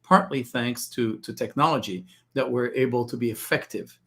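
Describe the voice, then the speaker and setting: A man guest on an interview, explaining technology in a measured way and repeating words as he starts a thought. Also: medium pitch. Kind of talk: interview answers.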